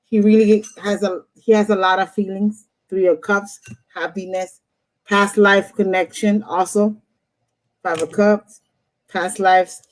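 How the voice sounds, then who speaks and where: A woman's voice: mid-range voice, fairly even intonation, measured pace, low-quality recording. Blunt, profane woman reading tarot. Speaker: host, tarot reader. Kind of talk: live-stream tarot reading.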